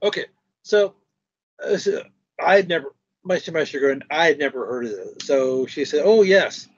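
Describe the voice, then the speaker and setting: A man's voice: on the high side, moderate pace, slightly rough, no room sound, highs cut off. A man hosting a stream, chatting casually and retelling a story with other people's words. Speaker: stream host. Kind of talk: casual conversation.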